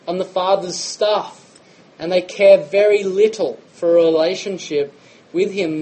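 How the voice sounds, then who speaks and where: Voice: mid-range voice, a little mellow, poor audio. A preacher, giving a conversational sermon full of rhetorical questions.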